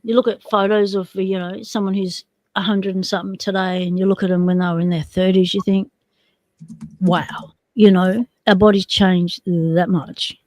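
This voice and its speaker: A woman's voice: mid-range voice, little pitch movement, moderate pace, a little mellow, no room sound. Teasing chatty woman, dry close sound. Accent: Australian. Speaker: livestream host. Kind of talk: casual chat.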